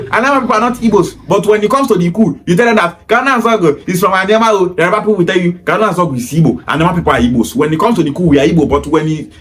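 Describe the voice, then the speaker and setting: A man's voice: a little high, a bit bright. A Nigerian man with a Pidgin-inflected English accent, delivering an emphatic, repetitive opinion monologue in a lecturing tone. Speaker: commentator.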